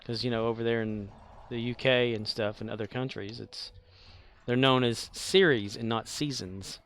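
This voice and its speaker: Male game streamer, rambling self-mocking chat, gravelly voice. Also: medium pitch, steady tone, normal speed, a bit bright. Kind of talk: casual gaming commentary.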